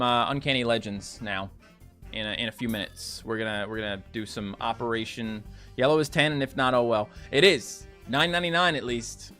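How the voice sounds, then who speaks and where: Bright-voiced male game streamer. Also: mid-range voice. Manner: chatty, reads and answers viewer comments; coaxing the game on, repeating short phrases. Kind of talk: live game stream chat.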